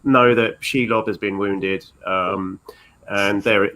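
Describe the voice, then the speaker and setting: A man on a film podcast panel, calmly explaining details from the books. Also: lowish voice, slow. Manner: knowledgeable, explanatory. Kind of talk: casual film discussion.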